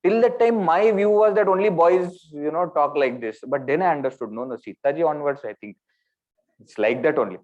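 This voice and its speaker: A man with an Indian English accent giving a storytelling scripture discourse as a spiritual teacher, acting out the characters' words with sudden jumps in pitch. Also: brisk, darkish tone. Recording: dull lo-fi recording.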